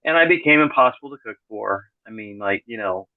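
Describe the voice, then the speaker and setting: This podcast guest, a middle-aged man, keeps his casual interview conversational, correcting himself mid-sentence and offering dry, sarcastic humor. His brisk voice runs on the low side over a thin, echo-free phone-style line.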